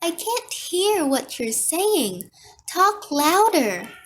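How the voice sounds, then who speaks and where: A woman voicing an eager young female reporter who yells her lines. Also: high-pitched, big pitch swings, slow pace, a little hiss or hum, pitched above the performer's own voice, full character voice. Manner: yelling, eager.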